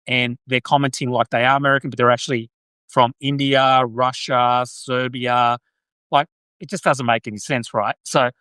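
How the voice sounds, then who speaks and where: An Australian man hosts a live stream and chats with his viewers in a rambling, self-correcting way. His voice is forceful and bright. It is recorded close and dry, with no room sound. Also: medium pitch, no room sound. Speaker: podcast host. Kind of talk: live-stream chat answering viewer comments.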